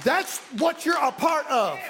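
A man preaching a fervent sermon as pastor in a church, sometimes shouting and acting out prayers. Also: extremely high pitch, big pitch swings, measured pace, a crowd in the background, noisy background. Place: church sanctuary.

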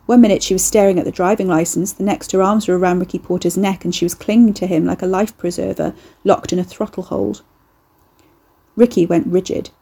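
A woman reading a novel aloud as audiobook narrator, measured and even. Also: on the low side, vocal fry, husky. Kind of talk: scripted narration.

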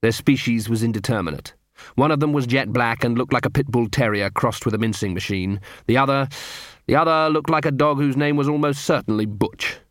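A man narrating an audiobook, telling a comic story in an even, dry manner on a close studio mic. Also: mid-range voice, fairly quick, no echo. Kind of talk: scripted narration.

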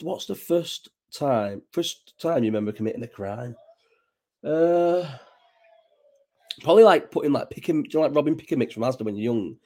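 A man's voice: medium pitch, warm tone. A man, rambling and chatty and swearing freely while hosting a casual late-night live chat from home. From Bolton, England. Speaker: live stream host. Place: at home at night, child nearby.

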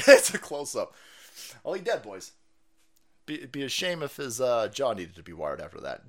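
A man hosting a livestream, giving loud, crude, cackling commentary on video clips. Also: on the high side, very animated, normal speed. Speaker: livestream host.

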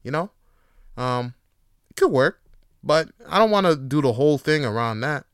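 A man's voice: fairly high pitch, animated, normal speed, clean tone, no echo, studio quality. A man hosting his own show, talking in a loose, profane solo monologue with laughing asides. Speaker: host.

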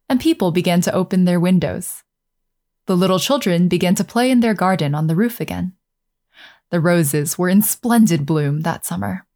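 A woman narrating a fairy tale in a gentle, measured storytelling manner. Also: on the low side.

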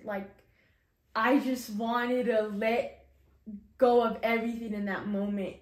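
A woman's voice: on the high side, fairly even intonation, slow pace, pauses often, reverberant. A young woman casually sharing an emotional personal testimony, full of "like" and "you know". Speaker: guest sharing her testimony.

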